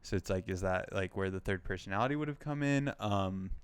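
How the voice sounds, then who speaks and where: A man's voice: sits low, a little fast, clear, resonant tone, no room sound. A young man co-hosting a casual pop culture podcast, rambling with lots of "like" and "um". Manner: rambling, heavy use of "like" and "um". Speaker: podcast co-host.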